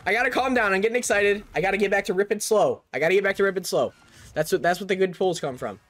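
A young man narrating a video game pack opening, excited and chatty, calling out each card and shouting over big pulls. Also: high-pitched, quick pace, no room sound. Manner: hyped, shouts over big pulls, says "bro" a lot. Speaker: gaming YouTuber.

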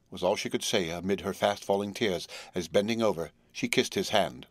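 A man narrating a classic novel as an audiobook, in a measured, solemn reading. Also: sits low, no room sound. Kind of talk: scripted narration.

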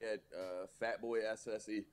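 A man's voice: lowish voice, steady tone, moderate pace, crowd noise. A man co-hosting a comedy podcast over a call, chatting casually, joking crudely and laughing often.

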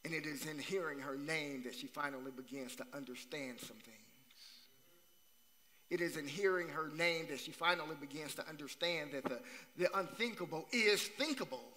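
Bright-voiced male pastor preaching in a reverberant sanctuary. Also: a little high, normal speed. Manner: repeats phrases for emphasis, asks the congregation questions. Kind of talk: sermon. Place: church sanctuary. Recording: long church hall reverb.

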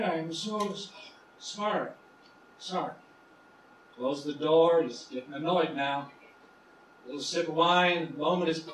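A middle-aged man telling stand-up jokes on stage, dropping into quick voices for the characters. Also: a little high, a little hiss or hum. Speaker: stand-up comedian. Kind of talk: stand-up comedy set. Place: cruise ship show lounge. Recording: echoey room from far off.

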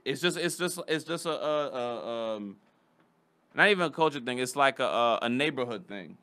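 A man hosting a podcast in casual banter, quick and playful, prodding his co-host with questions. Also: medium pitch, animated, bright, forceful tone. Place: podcast studio.

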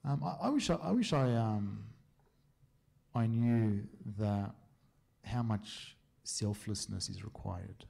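A low, gravelly male priest with a husky, mellow tone. He answers a church group's questions casually, spinning stories and often pausing to check his listeners are with him. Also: animated. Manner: chatty storyteller, often checks in with a quick "yeah?".

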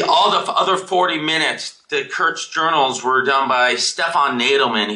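A film director answering audience questions over a video call, rambling and emotional, swearing casually. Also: male voice, medium pitch, bright, forceful tone, poor audio.

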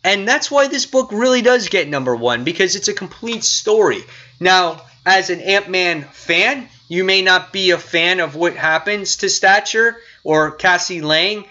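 A man's voice: sits high, pushed and bright, lo-fi sound. A man casually reviewing comic books, retelling scenes with quoted lines and lots of fillers.

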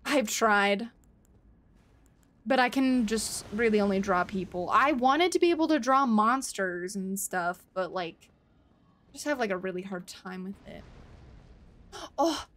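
A woman's voice: medium pitch, a little slow, fairly bright tone, a little hiss or hum. A young woman streaming a game, chatting casually and yelping and swearing when she gets hit. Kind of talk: casual gameplay commentary.

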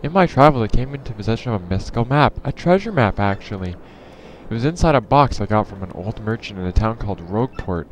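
A man's voice: lowish voice, lively intonation, quick pace, a little hiss or hum, natural voice. A man voicing a gracious princess, reading her letter aloud in a polite tone.

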